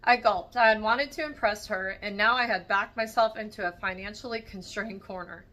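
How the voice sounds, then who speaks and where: Bright-voiced woman reading a novel. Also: mid-range voice, moderate pace. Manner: steady narration with small slips and self-corrections. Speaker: book channel reader.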